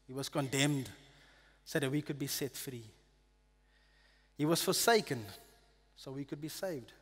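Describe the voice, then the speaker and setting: A man from South Africa preaches and reads scripture with earnest feeling, sinking to a near hush on the heaviest lines. His voice sits a little high and carries the long ring of a church hall. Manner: earnest, slows and drops to a hush on solemn lines. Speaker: pastor. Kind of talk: sermon with scripture reading.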